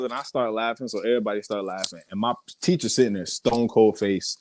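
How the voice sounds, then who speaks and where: A man's voice: medium pitch, fast talker, a little hiss or hum. A young adult man, telling stories casually in an interview, acting out quotes with lots of swearing. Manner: animated storyteller, acts out quotes, swears freely. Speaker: guest artist and actor.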